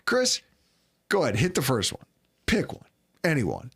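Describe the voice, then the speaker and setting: A man's voice: medium pitch, wildly swooping pitch, normal speed, gravelly, fairly bright tone, husky. A man hosting a sports podcast in a studio, ranting sarcastically. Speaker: podcast host.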